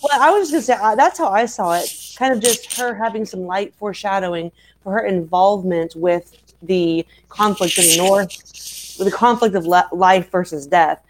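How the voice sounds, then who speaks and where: A woman's voice: medium pitch, normal speed, background noise. A woman co-hosting a book-club podcast, casually talking through her reading of a scene with frequent "like"s and "kind of"s. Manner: thoughtful, rambling analysis with many "like"s and "kind of"s.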